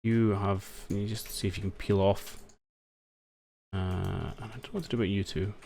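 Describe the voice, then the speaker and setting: Low-voiced man casually narrating strategy gameplay. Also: fairly even intonation, normal speed, creaky, dark tone, slight background noise. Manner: thinks aloud, wry and understated. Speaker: strategy game let's-player.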